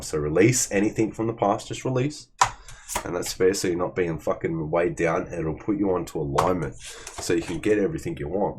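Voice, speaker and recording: A man with a low voice gives a casual tarot reading, blunt and profane, frequently calling the listener "man." There's a little hiss or hum in the recording.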